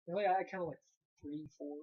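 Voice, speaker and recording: An animated, sarcastic young man riffs through a casual movie review, swearing offhandedly as he mocks what he watched. The sound is dull and lo-fi. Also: on the high side, a little fast, breathy edge. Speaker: movie reviewer, site host.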